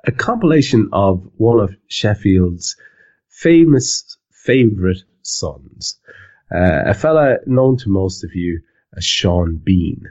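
A man's voice: sits low, darkish tone, husky. A man hosting a football podcast in a rambling, casual way with plenty of hesitations. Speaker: podcast host. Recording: dull lo-fi recording.

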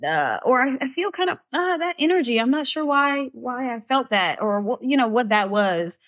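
Brief: higher-voiced woman guest, heartfelt and expressive, lo-fi dull sound. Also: moderate pace. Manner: expressive and heartfelt, voice rising when excited. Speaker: actress guest. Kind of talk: candid podcast interview.

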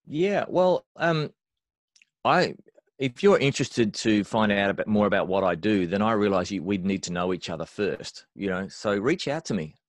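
A man, a worship mentor, talking in an animated, emphatic way as a podcast guest, often repeating words as he starts a phrase. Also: lowish voice, normal speed, no room sound. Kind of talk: conversational interview.

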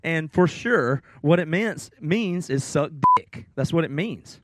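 A man co-hosting a casual podcast, talking through his views in a measured way. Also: on the high side, lively intonation, a bit bright, no echo, clean studio sound. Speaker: podcast co-host. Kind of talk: casual chat.

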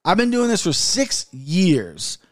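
Man in his thirties, fight-picks podcast host, angry, swearing, rambling, slightly high voice. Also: huge pitch swings, slow pace. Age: 30s. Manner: heated, profane, rambling. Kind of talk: casual podcast rant and betting picks.

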